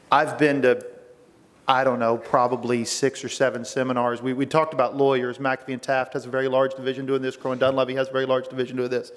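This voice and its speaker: Man pressing a point in an echoing hearing room. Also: mid-range voice. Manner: pressing, argumentative, repeats words when restarting. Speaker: state legislator questioning a witness. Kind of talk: committee hearing questioning. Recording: long reverb of a hearing room.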